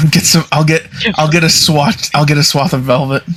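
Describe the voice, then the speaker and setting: A man's voice: fairly high pitch, level tone, normal speed, fairly bright tone, faint music behind. A man playing a tabletop game, chatting casually and searching for words as he goes. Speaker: player.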